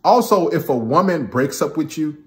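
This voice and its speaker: A man delivers relationship advice as a talking-head monologue. His voice is on the higher side and swings widely, leaping up whenever he acts out quoted speech. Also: animated, normal speed.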